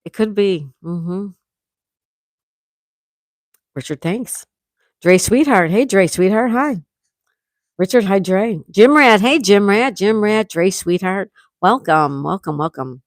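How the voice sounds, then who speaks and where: Speaking at medium pitch, slowly, with frequent pauses, a woman runs a casual morning livestream while dealing with a sore throat. She's animated and chatty, reading viewers' comments aloud and laughing often. Studio-quality audio, no echo.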